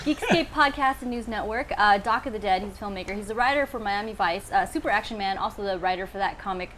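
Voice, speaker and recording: A young woman hosting a live panel webcast from a studio, reeling off quick, jokey introductions and laughing often. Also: mid-range voice, a bit bright, slight background noise. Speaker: show host.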